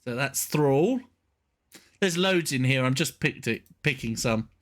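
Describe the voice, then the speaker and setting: A man's voice: mid-range voice, expressive, measured pace. Rambling male gaming streamer. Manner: rambling, self-interrupting chatter. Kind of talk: casual live-stream commentary.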